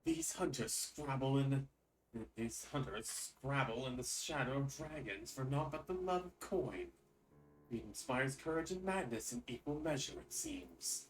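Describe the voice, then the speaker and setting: A man's voice: medium pitch, measured pace, recorded from a distance, close to an everyday voice, low-quality recording. A man voicing an earnest young male scholar who speaks formally and politely.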